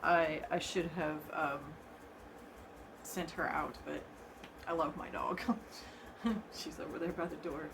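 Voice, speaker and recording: A woman chatting casually to her viewers from a room at home as she unboxes a gift, excitable and gushing, laughing often and repeating herself. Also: low-pitched, takes it slowly, long pauses, background noise. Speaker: vlogger opening a gift box.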